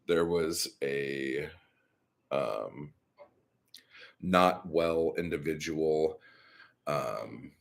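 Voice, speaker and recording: A man hosting a live stream, rambling casually and profanely with many fillers. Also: extremely low pitch.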